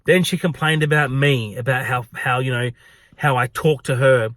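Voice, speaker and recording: An Australian man who works at a pub, telling a story in a profane, gossipy, animated way. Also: medium pitch, moderate pace, no room sound. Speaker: pub worker. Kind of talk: storytelling vlog.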